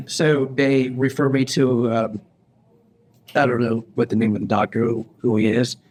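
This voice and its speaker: A man's voice: mid-range voice, level tone, a little slow, a little mellow, husky. A man co-hosting a podcast, telling a story in casual chat, acting out quoted voices with frequent restarts and laughs. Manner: laughs often while telling stories. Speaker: podcast co-host.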